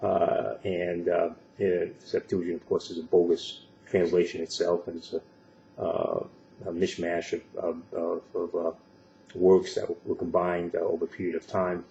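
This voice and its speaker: Deep monotone guy, lots of uhs, sounds roomy and kinda muffled. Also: gravelly, slight background noise. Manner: halting, with many filler sounds. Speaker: online video commentator. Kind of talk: casual spoken commentary.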